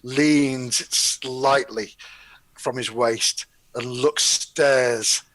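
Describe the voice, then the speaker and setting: A man taking part as a player in a tabletop game, describing his character in a measured way. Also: mid-range voice, steady tone, a bit bright, dry recording, low-quality recording.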